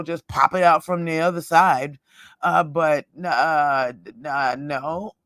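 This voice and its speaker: A middle-aged woman telling a personal story in a casual storytime vlog, rambling and halting, often breaking into laughter. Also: deep voice, fairly bright tone, clear, resonant tone, dry recording. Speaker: roadside assistance worker.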